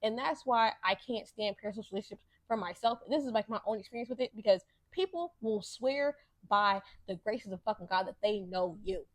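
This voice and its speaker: A young woman hosts a podcast in a casual monologue, her medium-pitched voice brisk with few pauses and recorded dry and close. She tells stories candidly and profanely, getting heated when she rants.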